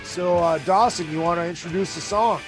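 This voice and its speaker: A man's voice: high-pitched, moderate pace, music in the background. A man hosting a podcast in a loose, off-the-cuff way, swearing casually as he talks. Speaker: podcast host.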